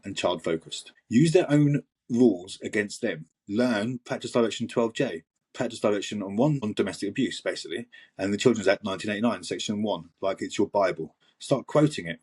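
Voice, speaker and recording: A man's voice: fairly low pitch, moderate pace, darkish tone, breathy edge. A man hosting a sarcastic commentary monologue, mocking and exasperated. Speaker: host.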